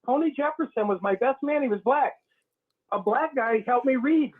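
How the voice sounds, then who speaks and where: A man's voice: very high voice, moderate pace, breathy edge. A man from Detroit calling into a show, talking bluntly and emphatically, with some swearing. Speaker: caller. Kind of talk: call-in phone talk. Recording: tinny phone line.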